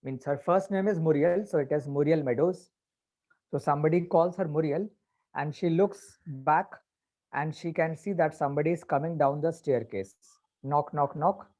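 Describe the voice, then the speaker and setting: Man, classroom teacher, patient explaining, fillers and pauses. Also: fairly high pitch, a little mellow. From India.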